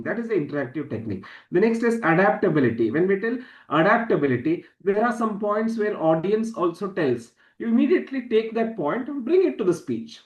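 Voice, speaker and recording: A man with a fairly high voice teaches an online class, his sound bouncing around an echoey room. He leans hard on key words, repeats them for emphasis, and swings his pitch up and down on purpose to make his point. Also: a little mellow. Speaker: public speaking trainer. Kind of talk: online masterclass lecture.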